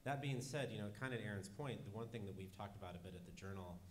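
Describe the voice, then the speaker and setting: A man with a deep voice who talks quickly, a newspaper journalist explaining news judgment on a panel. He speaks conversationally, with a faint hum of background noise. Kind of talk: panel discussion answer.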